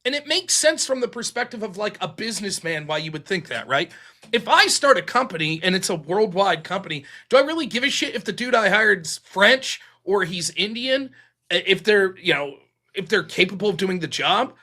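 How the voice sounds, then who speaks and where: High-voiced, bright male call-in host. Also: very animated, fairly quick. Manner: profane, rambling storytelling retelling others' words. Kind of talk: casual political call-in talk.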